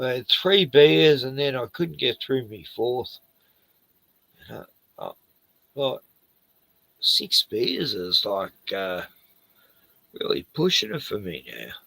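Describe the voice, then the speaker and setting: A man's voice: medium pitch, vocal fry, sharp tone, slightly rough, dry recording, poor audio. A middle-aged man chatting casually on a late-night stream, tired and rambling, trailing off often and swearing a lot.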